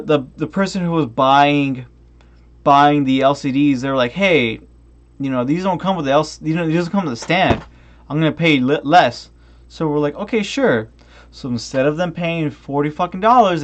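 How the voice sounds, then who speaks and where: A man's voice: fairly high pitch, expressive, moderate pace. A tipsy young man ranting on a stream, swearing heavily, restarting often and drifting off on tangents.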